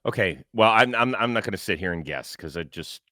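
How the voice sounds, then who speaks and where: Middle-aged male sports host, low voice, dry close mic, jokey self-deprecating delivery. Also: expressive, brisk, bright, forceful tone, no room sound. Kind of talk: casual sports talk with ad reads.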